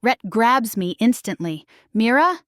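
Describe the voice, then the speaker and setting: A woman narrating a first-person paranormal romance story in a slow, dramatic delivery. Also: mid-range voice, no room sound, studio quality.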